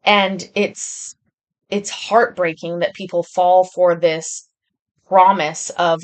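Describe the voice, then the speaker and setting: A woman's voice: medium pitch, takes it slowly. A woman hosting a casual commentary show, talking in a rambling, candid way. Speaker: host. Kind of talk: casual commentary on court videos.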